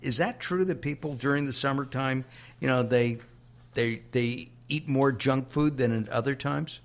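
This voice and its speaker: A man's voice: medium pitch, moderate pace. A middle-aged man from Southern California hosting a radio talk show, chatty and joking, with lots of filler uhs.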